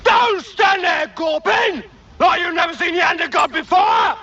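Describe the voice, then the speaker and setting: Bellowing shrill comedy figure. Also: male voice, unhurried, gravelly, exaggerated voice. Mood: angry. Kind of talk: shouted comedy film dialogue. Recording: dull film clip with loud music.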